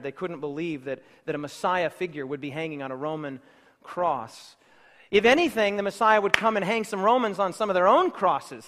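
High-voiced emphatic preacher in a reverberant hall. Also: male voice, a bit bright. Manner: emphatic, rhetorical, builds through repeated phrases. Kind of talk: sermon.

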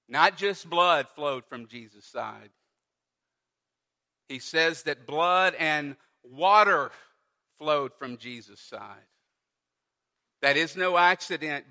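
Man, pastor, sermon, bright tone, slightly high voice, emphatic delivery. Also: long reverb tail. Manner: emphatic preaching with dramatic pauses.

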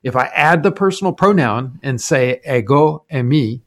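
A man's voice: medium pitch, normal speed, fairly bright tone. A man co-hosting a Bible study podcast, reading a scripted explanation with emphatic turns at key points. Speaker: podcast co-host.

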